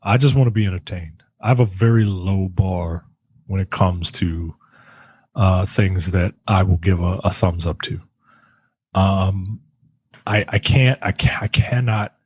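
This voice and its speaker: A man's voice: low-pitched, fairly even intonation, a little slow, darkish tone, breathy edge, no echo. A man reviewing a movie in a casual podcast chat, blunt and slangy, hammering his points home by repeating them.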